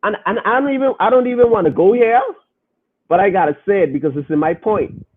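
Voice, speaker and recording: A man's voice: high-pitched, expressive, fast talker, breathy edge, phone-quality sound. A man hosting a podcast, preaching emphatically and repeating his points as he reads comments from the chat.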